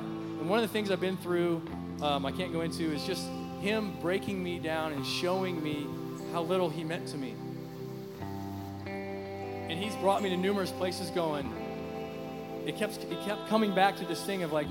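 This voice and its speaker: A man preaching an improvised sermon into a handheld mic in a church, rambling and growing fervent and loud. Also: high voice, moderate pace, big-room sound. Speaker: pastor. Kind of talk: unscripted sermon. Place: church sanctuary. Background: worship music.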